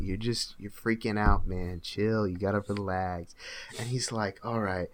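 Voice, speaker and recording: Young male co-host, low voice, lively anecdotal delivery. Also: moderate pace, a little hiss or hum. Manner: animated storyteller, quoting friends in lowered voice. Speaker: podcast co-host telling a story. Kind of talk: casual storytelling.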